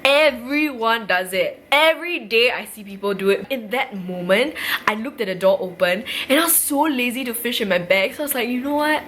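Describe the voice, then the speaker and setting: A woman's voice: fairly high pitch, lively intonation, fairly quick, a bit bright, a little hiss or hum. A woman in her twenties with a Singaporean accent tells a casual storytime vlog, chatty and full of "like". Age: 20s. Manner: chatty, heavy use of "like", acts out quoted dialogue. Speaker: vlogger.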